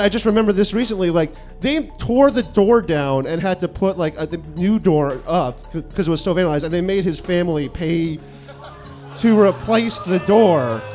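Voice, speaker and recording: A man's voice: high-pitched, a little mellow. A man in his thirties from New York City, a comedian telling a profane, self-mocking personal story and acting out the quotes.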